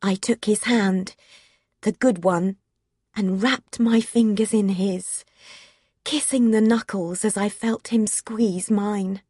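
Slow breathy woman reading a novel. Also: medium pitch, steady tone, warm tone, dry recording, clean studio sound. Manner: emotional, slow and intimate reading. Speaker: audiobook narrator. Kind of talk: first-person novel narration.

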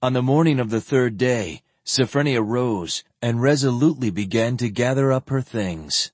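A man narrating a fantasy novel as an audiobook, with expressive, varied delivery close to the microphone. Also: medium pitch, normal speed, no room sound.

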